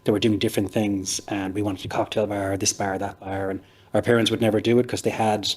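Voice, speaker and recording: An Irish man talks quickly and at length, piling anecdote onto anecdote with plenty of fillers. His voice sits low and has a husky edge. He sounds like a guest telling his story in an interview. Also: flat delivery, darkish tone. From Ireland. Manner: chatty, anecdotal, rambling with fillers. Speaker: pub owner, interview guest.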